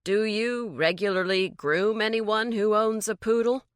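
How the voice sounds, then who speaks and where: A woman's voice: mid-range voice, fairly even intonation, measured pace, smooth, no room sound, clean studio sound, pitched above the performer's own voice, lightly acted. A woman voicing James, a polite and cautious man who speaks hesitantly among friends.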